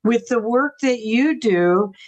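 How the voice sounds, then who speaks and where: A woman hosting an interview, encouraging her guest with halting, restarting phrases. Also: fairly high pitch, expressive, dull audio. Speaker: podcast host. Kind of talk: interview conversation.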